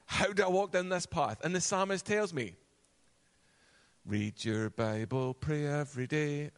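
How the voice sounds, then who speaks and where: Animated male preacher giving a sermon. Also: measured pace. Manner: animated, drops to a soft low voice for emphasis; acts out quoted voices and asides.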